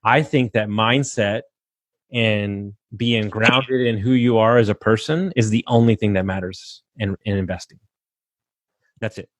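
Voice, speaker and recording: A man's voice: on the low side, steady tone, a little slow, no room sound, studio quality. A man speaking as a guest on a podcast, talking in an emphatic, fired-up way, swearing freely and preaching like a coach. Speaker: podcast guest, real estate investor. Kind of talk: motivational podcast talk.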